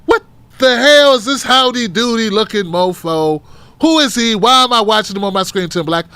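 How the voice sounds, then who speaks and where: High-voiced Tennessee man ranting. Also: lively intonation, normal speed, pushed and bright, clean tone, no echo. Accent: Tennessee Southern. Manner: blunt, profane and mocking; fired up, rants with rhetorical questions. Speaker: political talk show host. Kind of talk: casual livestream commentary.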